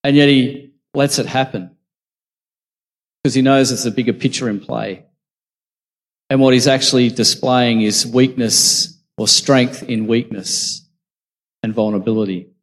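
Unhurried and often pausing, a man preaches in a steady, mid-range voice. The recording has long reverb from a large hall as he reads scripture and reflects on it conversationally, like telling a story.

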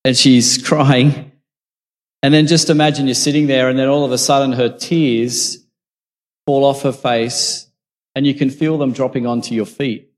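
A man's voice: mid-range voice, fairly even intonation, measured pace. A man preaching a sermon, reading scripture and then reflecting on it in a conversational storytelling way. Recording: long reverb from a large hall.

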